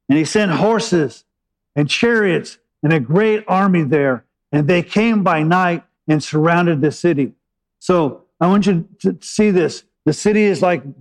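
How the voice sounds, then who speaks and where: A man preaching a sermon, retelling scripture with dramatic pauses and plain asides. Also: fairly high pitch, rough recording.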